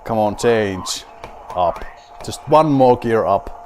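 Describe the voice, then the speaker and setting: Slow, low-voiced Finnish-accented gamer man. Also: expressive, a little mellow, a little hiss or hum. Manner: wry, mock-grand self-talk. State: drinking beer while playing. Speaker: gaming video host. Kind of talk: playing a rally game with running commentary.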